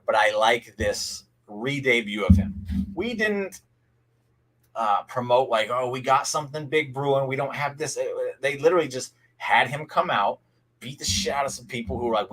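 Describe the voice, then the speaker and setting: Young guy doing a casual wrestling recap stream, kinda low voice, chatty, trips over his words a lot, talks back to chat. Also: fairly bright tone, poor audio. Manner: chatty, opinionated, restarts often, reads chat aloud. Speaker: wrestling show recap host. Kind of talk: casual live-stream commentary.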